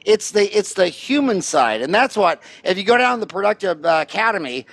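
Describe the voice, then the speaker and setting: Brief: male podcast host, high voice, blunt joker, dry close sound. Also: big pitch swings, fairly quick, a bit bright, no room sound. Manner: rambling, joking, blunt. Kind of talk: casual interview chat. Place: Scottsdale.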